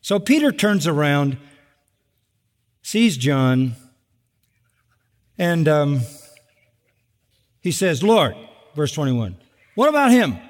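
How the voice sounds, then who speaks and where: Middle-aged male pastor, lively sermon delivery, slightly high voice, long hall reverb. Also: very slow, pauses often. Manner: animated, with sarcastic asides and acted-out quotes.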